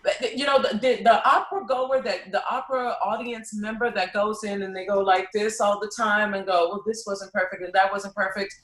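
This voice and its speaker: A woman opera singer, a guest in a casual conversation, telling stories in an animated way with lots of "you know.". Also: mid-range voice, fairly quick, few pauses. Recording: roomy echo.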